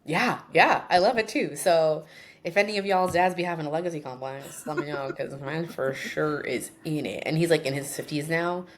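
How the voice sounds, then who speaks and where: A woman's voice: sits low, moderate pace. A young woman co-hosting a podcast, telling stories in casual chat and acting out both sides of the conversations. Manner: animated storytelling, acts out both sides of conversations. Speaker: podcast co-host.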